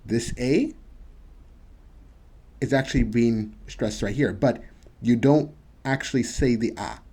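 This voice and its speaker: A man hosting a casual video lesson, slowly drawing out words as he demonstrates them. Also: mid-range voice, mellow, husky. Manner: slow, drawn-out demonstration of words. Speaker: language teacher and channel host. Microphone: camera mic.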